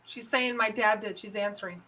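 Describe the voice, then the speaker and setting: Bright-voiced woman relaying messages on a stream. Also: mid-range voice, a little fast. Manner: relays messages from viewers and encourages the reader.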